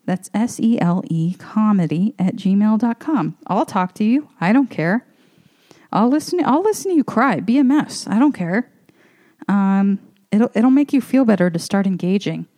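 Wandering through her apartment and a bit breathless, a female comedian talks in a warm, animated mid-range voice at a measured pace. The monologue is loose and meandering, full of fillers and sprinkled with swearing.

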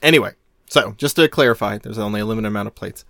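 A man's voice: lowish voice, quick pace, gravelly, fairly bright tone, no room sound, studio quality. A man on a casual podcast telling a long rambling story, laughing often and restarting his sentences. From Maine, USA. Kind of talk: casual chat.

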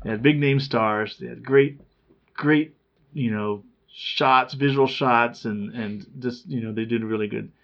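A man's voice: medium pitch, fairly even intonation, a little slow, creaky, a bit bright. A man in casual chat, rambling and chatty, often laughing at his own stories. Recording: slightly dull lo-fi sound.

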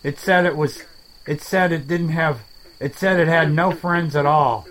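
A man voicing a rambling, self-deprecating alligator in a swamp, talking in halting starts in a comedy dialogue. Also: on the high side, a bit bright, rough recording. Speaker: main character of a comedy podcast.

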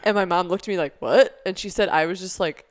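A young woman co-hosting a podcast tells a story at a quick pace, her fairly low voice keeping fairly even intonation. It's a casual chat, and she uses plenty of fillers.

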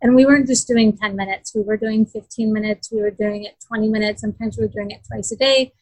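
A woman's voice: fairly high pitch, steady tone, fast talker, a little mellow, no room sound, rough recording. A woman in a casual interview, earnestly telling how her daughter struggled, with many fillers and restarts. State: close to tears. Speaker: parent describing her daughter's learning.

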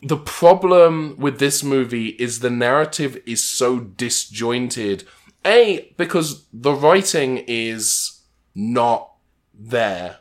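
A man's voice: mid-range voice, animated, takes it slowly. A man co-hosting a podcast in casual comedic chat, given to wry, mock-grandiose rants. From England. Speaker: podcast co-host.

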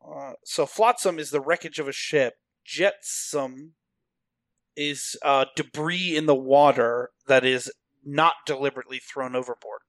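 A man's voice: mid-range voice, measured pace, a bit bright, no room sound. A man playing a tabletop game, joking and wisecracking with the table. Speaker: player. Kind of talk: casual tabletop game play.

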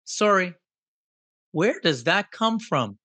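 A man telling a story in a lively talk, with a bright, forceful voice pitched a little high. He throws out rhetorical questions as he goes. The sound is close and dry. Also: normal speed, no room sound. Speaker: guest. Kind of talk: conversational storytelling.

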